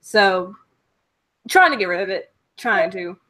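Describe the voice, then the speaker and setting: A woman's voice: mid-range voice, expressive, measured pace, sharp tone. A young woman from Alabama with a Southern accent, hosting a casual web chat and reading out viewer comments, with lots of "like" fillers. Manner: chatty, frequent "like" fillers. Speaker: host of a live web show.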